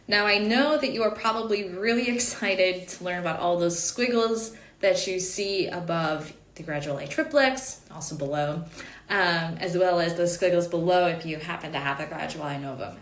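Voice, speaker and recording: Chatty woman teaching in an echoey room. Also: mid-range voice. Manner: chatty, self-correcting, with little laughs and apologies. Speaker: chant teacher. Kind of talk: casual explanatory lesson. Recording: echoey room with faint background hum.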